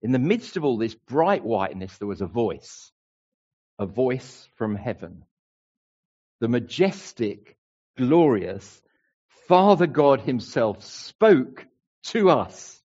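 A man's voice: medium pitch, big pitch swings, slow, a little mellow, highs cut off. A man preaching a sermon to a congregation, emphatic and playful. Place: church hall with a congregation.

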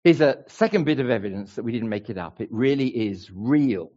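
A man's voice: medium pitch, animated, fairly quick, dark tone, dull audio. A man preaching a sermon to a congregation, emphatic and playful. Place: church hall with a congregation.

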